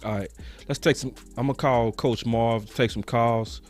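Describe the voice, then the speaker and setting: A man's voice: medium pitch, steady tone, moderate pace, soft background music. Fired-up man ranting about football. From Dallas, Texas. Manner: passionate, ranting, curses freely. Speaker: sports show host. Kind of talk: heated sports talk.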